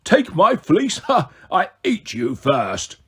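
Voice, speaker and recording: A man's voice: sits high, huge pitch swings, slow, a bit bright, breathy edge, full character voice. A man voicing a huge male Cyclops monster who whines and sobs, then turns menacing. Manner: whiny, sobbing then menacing.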